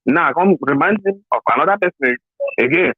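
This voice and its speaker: A Nigerian man calling in to a phone-in show, talking in halting bursts with many restarts and pidgin asides. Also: fairly high pitch, expressive, breathy edge, no echo, soft background music. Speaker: caller. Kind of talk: phone-in opinion call. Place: on a phone call from abroad. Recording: tinny phone line.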